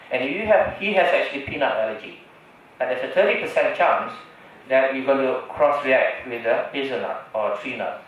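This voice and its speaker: A man with a Malaysian English accent gives a health lecture to an audience, chatty and often checking in with listeners. His voice sits at an ordinary middle pitch. It is picked up from a distance in a very echoey hall, a little dull, with faint room noise behind. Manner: chatty, checks in with the audience using "right?" and "okay?". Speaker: doctor giving a public health talk.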